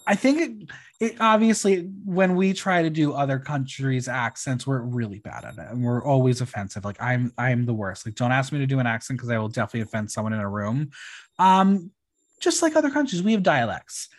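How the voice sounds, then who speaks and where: A podcast host recapping a show in casual chat. The talk is quick and easy, with wry, deadpan little asides dropped in between. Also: medium pitch.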